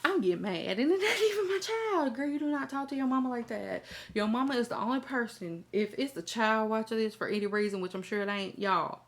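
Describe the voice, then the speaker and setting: A woman's voice: mid-range voice, a bit bright. A woman host reading a viewer's email aloud and reacting in a blunt, profane, chatty way, talking straight to her viewers.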